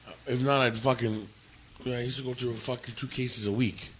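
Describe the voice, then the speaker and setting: A man co-hosting a casual podcast, brash, laughing loudly and swearing freely as he chats. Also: medium pitch, fairly even intonation, a little fast, a little hiss or hum. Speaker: podcast co-host. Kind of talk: casual profane chat.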